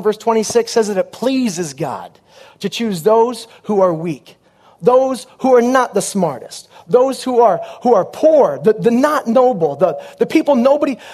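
A man preaching a sermon as a comic story, punchy and animated, with quick asides to the crowd. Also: high voice.

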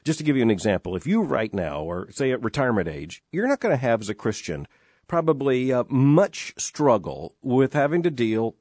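A man's voice: fairly low pitch, a little mellow, dry recording. A middle-aged man hosting a radio show from a studio, talking in an earnest, emphatic way with lots of "uh" fillers. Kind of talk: reflective radio talk. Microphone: studio microphone.

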